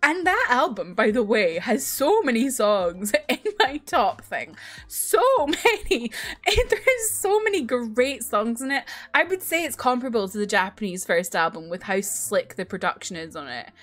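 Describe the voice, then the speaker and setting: A woman's voice: fairly high pitch, very animated, moderate pace, a bit bright, faint music behind. A young woman casually chatting as she ranks her favorite songs, rambling and gushing with lots of fillers and restarts. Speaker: K-pop video creator. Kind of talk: casual chat ranking songs.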